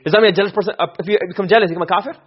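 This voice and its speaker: Brisk, husky-voiced male teacher, on a muffled lo-fi recording, drilling students with questions. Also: sits high, steady tone. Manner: quizzing students with quick questions. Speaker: Arabic grammar teacher. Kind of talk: classroom lesson.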